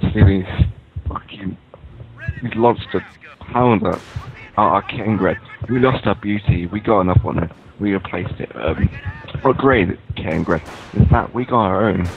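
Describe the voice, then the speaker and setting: Over loud video game gunfire and battle sounds, a man rambles through a comedic in-character monologue, hesitant and riddled with ums and restarts. His voice is fairly low at a moderate pace, and the audio is narrow and tinny.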